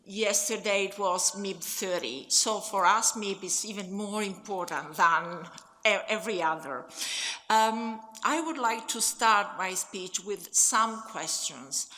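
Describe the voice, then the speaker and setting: Italian woman speaking english at a conference, bright tense voice, lots of restarts, big echoey hall. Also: medium pitch. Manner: halting, many restarts and fillers. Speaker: conference speaker, stock exchange official. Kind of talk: conference talk. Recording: long hall reverb.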